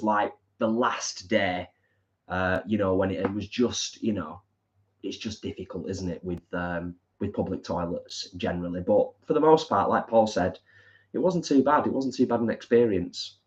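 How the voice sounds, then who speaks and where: A man's voice: fairly low pitch, moderate pace. A man co-hosting a live stream from his living room, easygoing and agreeable, reading viewer comments with lots of fillers. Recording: dull lo-fi live stream audio.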